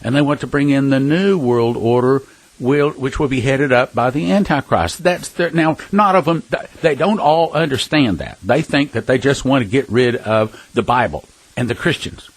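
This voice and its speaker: Husky-voiced earnest preaching man. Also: mid-range voice, moderate pace, no room sound, poor audio. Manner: earnest, emphatic, with scattered restarts and chuckles; addresses listeners as brothers and sisters. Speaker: prophecy ministry speaker. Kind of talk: preaching talk with personal storytelling.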